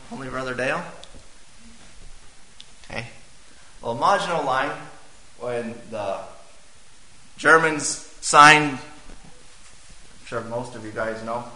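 Bright-voiced preacher in an echoey church. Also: male voice, mid-range voice. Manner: conversational, quizzes the congregation. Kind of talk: sermon.

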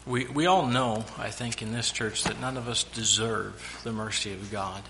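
Preaching at a moderate pace, this man has a steady, creaky mid-pitched voice with a very bright and forceful edge, occasionally erupting into loud, dramatized shouts. Faint hiss runs underneath the recording.

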